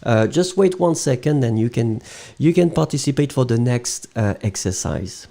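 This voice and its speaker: A man's voice: medium pitch, lively intonation, normal speed, vocal fry, dark tone, soft background music. A man with a French accent teaching French in a live-stream lesson, patiently spelling words letter by letter and laughing easily.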